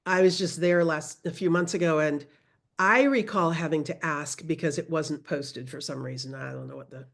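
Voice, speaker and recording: Woman teacher on a video call, lowish voice, casual and chatty, corrects herself as she goes. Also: moderate pace, creaky. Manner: chatty, self-correcting, laughs easily. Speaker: Spanish teacher. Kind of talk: casual online language lesson.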